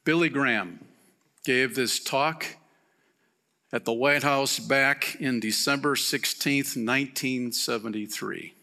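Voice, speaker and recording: Pastor preaching a sermon: a man with a bright, forceful voice, slow and emphatic, asking the room questions. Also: medium pitch, gravelly.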